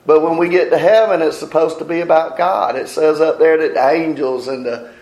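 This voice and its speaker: A man's voice: on the high side, fairly even intonation, brisk, darkish tone. A man preaching a sermon, often asking the congregation a question and then answering it himself. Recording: roomy echo.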